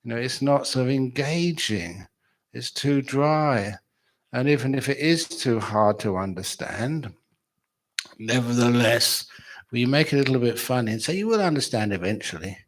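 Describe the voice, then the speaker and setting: A man's voice: medium pitch, measured pace. Humorous man giving a dharma talk. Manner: humorous, chatty storytelling with laughs. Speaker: meditation teacher. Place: retreat hall with audience.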